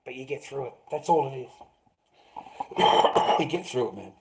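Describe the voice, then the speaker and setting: A man's voice: mid-range voice, animated, moderate pace, creaky, rough recording. A man chatting to his livestream viewers, rambling and swearing, calling them mate and bro. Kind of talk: casual livestream chat.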